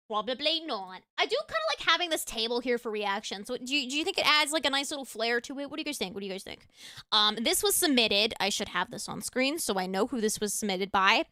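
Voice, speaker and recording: A woman's voice: fairly high pitch, sharp tone, dry recording, studio quality. A young woman hosting a casual livestream, chatting in a rambling way that often trails off. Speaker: streamer host. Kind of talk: casual livestream chat and reaction.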